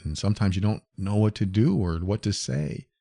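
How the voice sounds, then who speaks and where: Earnest low-voiced male podcast host. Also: a little fast, mellow, no echo, clean studio sound. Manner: earnest, explanatory, addresses listener directly. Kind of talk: solo podcast monologue.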